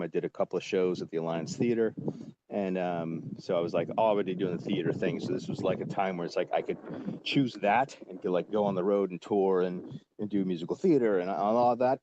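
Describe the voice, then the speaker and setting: A guest actor in his forties tells a lively, casual story on a podcast, his low voice full of fillers and the occasional swear word. The sound is lo-fi with a little hiss or hum.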